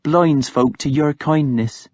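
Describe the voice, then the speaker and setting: A man's voice: on the high side, slow, a little mellow, no room sound, pitched above the performer's own voice. A man reading an audiobook, voicing a stern, pious young woman who speaks tartly and reprovingly. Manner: tart, reproving. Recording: dull lo-fi audiobook recording.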